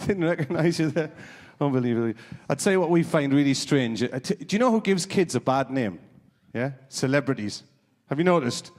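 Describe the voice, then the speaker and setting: A man's voice: medium pitch, lively intonation, moderate pace, darkish tone, big-room sound. A man doing live stand-up as half of a comedy double act, chatting with the audience between jokes. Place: theatre stage.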